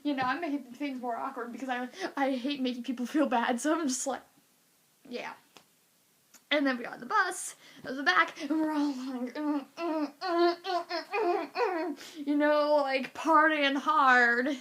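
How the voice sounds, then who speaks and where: High-voiced young woman telling a story. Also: moderate pace. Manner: animated, acting out reactions, lots of "like". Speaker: vlogger. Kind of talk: casual storytelling vlog.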